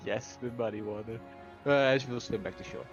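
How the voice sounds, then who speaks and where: A man playing a tabletop game, relaxed, describing his character in the third person. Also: medium pitch, fairly quick, muffled recording, faint music behind. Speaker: player. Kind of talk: casual tabletop play.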